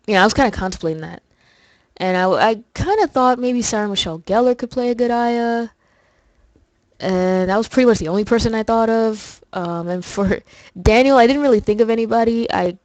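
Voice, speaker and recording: A woman's voice: mid-range voice, a little mellow, no echo. A young woman doing casual, rambling commentary over gameplay, often restarting her sentences. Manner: chatty, rambling, full of fillers. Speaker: let's play host.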